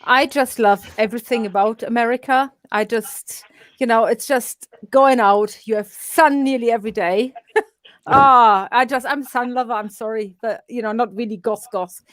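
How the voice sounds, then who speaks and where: A woman's voice: a little high, normal speed, no echo, studio quality. A woman with a German accent, a native German speaker, chatting cheerfully in an interview and laughing between sentences. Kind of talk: casual interview chat.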